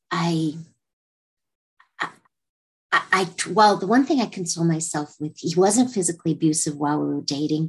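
A woman with a slightly low, husky voice recounts her past on a casual podcast. She talks candidly and loosely, with restarts and chuckles. She brings other people to life by briefly acting out their words. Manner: candid, rambling, laughs often, acts out quotes. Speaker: podcast guest, actress. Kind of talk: casual storytelling chat.

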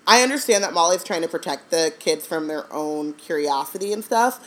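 A woman's voice: fairly low pitch, lively intonation, fairly quick, hardly any pauses, a bit bright. A woman co-hosting a book discussion podcast, chatting casually, laughing often and trailing off mid-thought. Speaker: podcast co-host. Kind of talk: casual chat.

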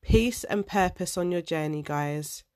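A woman with a lowish voice delivers a motivational promo at a steady pace. The recording is dry and close. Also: no echo. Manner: motivational, measured. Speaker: speaker and author.

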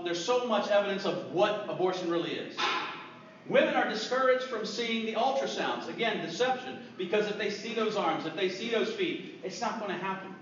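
A man preaching a sermon as a pastor, telling stories earnestly and dropping to a hush for grave moments. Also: sits high, a little hiss or hum. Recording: distant, echoey, dull church recording.

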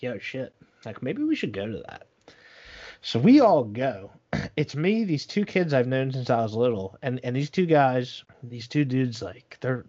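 A man's voice: medium pitch, darkish tone, muffled recording. A young man telling a long story in casual chat, rambling and profane, full of fillers.

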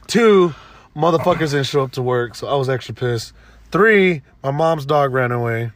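A man's voice: mid-range voice, expressive, normal speed, slight background noise. A man co-hosting a podcast in casual chat, laid-back and blunt, with plenty of slang. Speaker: podcast co-host.

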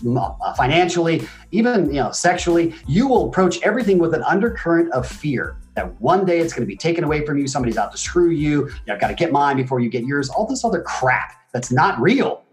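Forties guy on a podcast, talks big and emphatic, swings loud then quiet, faint music under him. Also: a little high, brisk, hardly any pauses. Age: 40s. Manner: animated, emphatic storytelling with swings in energy. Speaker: guest. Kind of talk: motivational interview talk.

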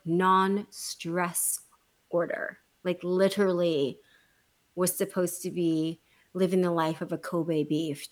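A woman on a casual podcast chat, blunt and profane, telling animated stories about her employees. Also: mid-range voice. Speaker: podcast co-host, salon owner.

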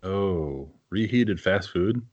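New England man, podcast co-host, low-pitched, blunt and teasing, dry close mic. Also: animated, slow pace, a little mellow, dry recording, muffled recording. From Massachusetts, New England. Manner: blunt, teasing, swears freely. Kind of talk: casual chat.

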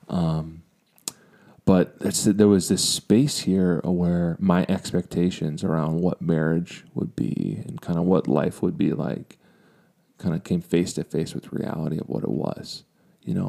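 A man's voice: sits low, vocal fry. A young adult man on a podcast, casually and candidly telling a personal story with self-deprecating humor. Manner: candid, self-deprecating, drops to a quiet reflective tone. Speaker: podcast co-host.

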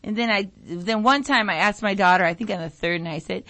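A woman's voice: fairly quick, few pauses, no echo. A middle-aged American woman hosting a talk radio show, rambling through a story, mimicking family members, and sniffling from allergies. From United States. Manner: animated storytelling, mimics family voices, jumps pitch for emphasis. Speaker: radio show host, nurse.

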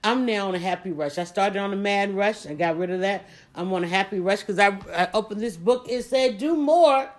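A woman hosting a motivational podcast, talking straight to her listeners in an energetic, preachy way. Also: medium pitch, fairly quick, few pauses. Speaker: podcast host.

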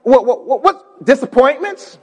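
A man preaching from the pulpit with a very high voice. He calls out to the congregation, circles back on his words, and builds to shouts. His voice rings with the long reverb of a church hall. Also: big pitch swings, unhurried, husky. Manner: call-and-response preaching, repeats words, rising to shouts. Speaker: pastor. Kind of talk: preaching a sermon.

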